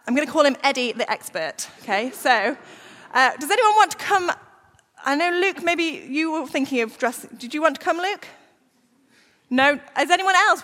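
A woman giving an all-age talk in church, lively and coaxing the children to join in. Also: high voice. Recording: church hall reverb.

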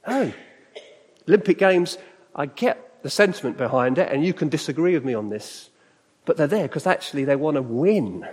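A man's voice: a little high, lively intonation, moderate pace, a little mellow, breathy edge. A middle-aged British man giving a conversational church talk to a live audience, often asking them questions. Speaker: church speaker. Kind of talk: sermon-style talk. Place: church hall. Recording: reverberant hall.

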